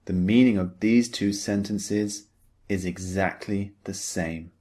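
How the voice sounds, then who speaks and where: A man teaching English in a recorded lecture, explaining slowly and patiently, step by step. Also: fairly low pitch, fairly even intonation, dark tone.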